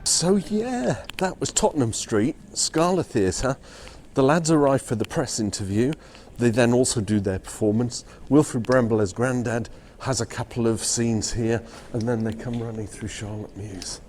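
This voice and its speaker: A man's voice: medium pitch, normal speed, a little mellow, slight background noise. A man narrating a casual walking vlog outdoors on city streets. He talks in a chatty way and chuckles often. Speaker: vlogger touring film locations.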